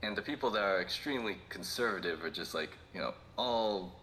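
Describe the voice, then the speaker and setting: A man on a casual podcast, talking in a rambling way and laughing as he tells stories. His voice sits fairly low but swings widely, with a bright, forceful edge. A faint hiss runs under the recording. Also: fairly quick. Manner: rambling, laughs often, animated when telling stories. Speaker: podcast co-host. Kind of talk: casual chat.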